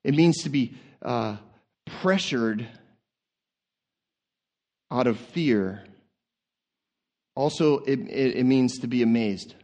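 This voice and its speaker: A man voicing an overjoyed male angel messenger who shouts and whoops his news. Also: medium pitch, takes it slowly, pauses often, pitched below the performer's own voice. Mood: earnest reassuring.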